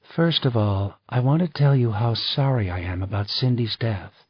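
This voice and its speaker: A man's voice: mid-range voice, moderate pace, breathy edge, dry recording, natural voice. A man voicing a poised, chatty female travel writer in an audiobook reading. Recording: slightly dull dry recording.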